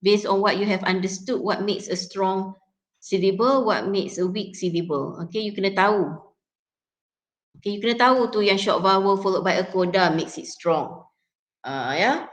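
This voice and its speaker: A woman's voice: medium pitch, moderate pace, rough recording. Casting: woman lecturer, Malaysian accent, chatty tutorial tone, mixes in Malay, lots of fillers.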